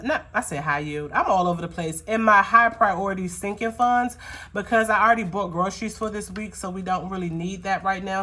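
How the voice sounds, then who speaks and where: A woman's voice: medium pitch, pushed and bright. A woman talking casually as she counts cash into budget envelopes, rambling, with many fillers, and at times choked up. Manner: slow, rambling, counts bills aloud with frequent fillers. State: emotional, choked up. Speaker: budgeting vlogger.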